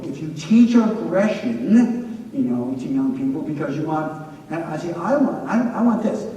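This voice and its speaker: A man giving a lecture with anecdotes at a staff training, an energetic, animated storyteller who acts out quotes. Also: mid-range voice, slight background noise. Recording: echoey hall, distant mic.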